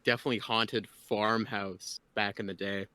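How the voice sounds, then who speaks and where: A man's voice: lowish voice, little pitch movement, normal speed, bright, forceful tone, clear, resonant tone. A man co-hosting a podcast, talking casually in a laid-back way. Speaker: podcast co-host. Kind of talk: casual chat.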